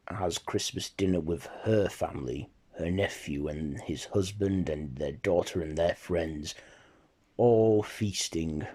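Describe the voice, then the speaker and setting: Husky low voiced guy narrating a story, real slow, lively ups and downs.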